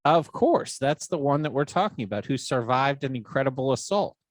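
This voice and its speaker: A man hosting a casual podcast, ribbing his co-host in a dry, deadpan way. His voice sits mid-range and sounds close and dry, with no room echo. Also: mid-range voice, brisk. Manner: teasing, deadpan joking.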